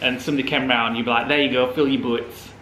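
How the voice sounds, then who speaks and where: A man's voice: mid-range voice, fairly even intonation, fast, bright, forceful tone. A man co-hosting a casual vlog, thinking aloud with dry humour. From West Yorkshire. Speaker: vlog co-host. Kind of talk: casual chat. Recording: echoey room with faint noise.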